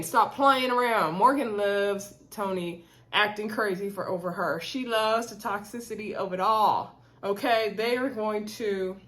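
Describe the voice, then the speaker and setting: A woman's voice: medium pitch, a bit bright. Female recap host, casual gossipy delivery, acts out quotes. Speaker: reality show recap host.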